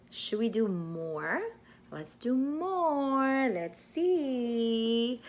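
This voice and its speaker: Woman, speech therapist, high lively sing-song, very slow, exaggerated animal sounds. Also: a little hiss or hum. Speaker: speech-language pathologist. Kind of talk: child-directed toy play lesson.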